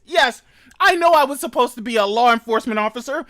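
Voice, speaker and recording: A man hosting a reaction commentary show, ranting loudly and mockingly with heavy profanity. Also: very high voice, expressive, quick pace. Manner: loud, profane, mocking rants. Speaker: commentary host.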